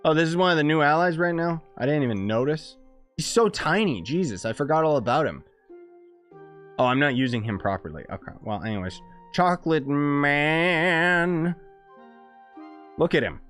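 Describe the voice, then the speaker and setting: Rambling, excitable male game streamer. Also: medium pitch, fairly quick, soft background music. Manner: excitable, rambling, chats with viewers while playing. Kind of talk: casual live-stream chat.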